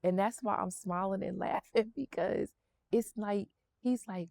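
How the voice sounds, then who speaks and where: Gravelly-voiced woman giving faith affirmations. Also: mid-range voice, unhurried, a little mellow, no room sound. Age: 50s. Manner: encouraging, repeats affirmations. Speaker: vlogger. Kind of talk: faith-based motivational vlog. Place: outdoors, seated.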